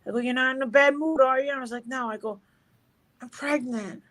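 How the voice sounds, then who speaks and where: A middle-aged woman with a slightly high voice, chatting as a guest. She talks loosely and bluntly, swears freely and acts out every line of dialogue in her stories. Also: fairly quick, fairly bright tone, rough recording. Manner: swears freely, tells stories with reported speech. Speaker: interview guest. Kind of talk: casual chat.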